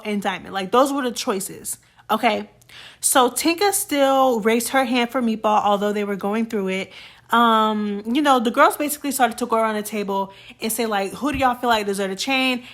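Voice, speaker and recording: A woman's voice: fairly high pitch, fairly bright tone. A woman hosting a casual reality-show recap, sassy and chatty, often laughing and quoting the cast.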